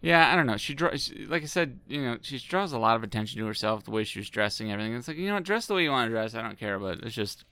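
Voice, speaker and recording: A podcast co-host in casual chat, tossing in crude jokes and laughing along. The voice is bright and smooth. The recording is dry, with no room sound. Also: mid-range voice, animated, very fast, hardly any pauses, no echo. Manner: jokey, crude asides, laughs often.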